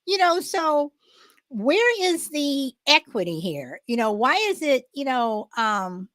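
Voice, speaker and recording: A woman's voice: sits high, very animated, takes it slowly, a bit bright, no room sound. A woman hosting a casual live chat with viewers, greeting them by name, laughing often and restarting her sentences with many fillers. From Southern California. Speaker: livestream host.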